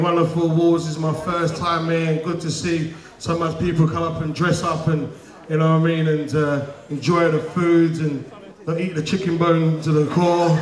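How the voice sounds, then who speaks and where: A stand-up comedian with a London accent, bantering loudly with a live awards-show crowd and laughing between lines, recorded from far off in an echoey hall. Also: male voice, fairly high pitch. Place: large event hall.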